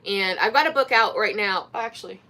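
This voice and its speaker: A woman's voice: medium pitch, brisk, sharp tone. A woman with an Indiana accent, an author chatting casually to camera in a rambling way, full of fillers and restarts. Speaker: author and vlogger. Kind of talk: casual chat.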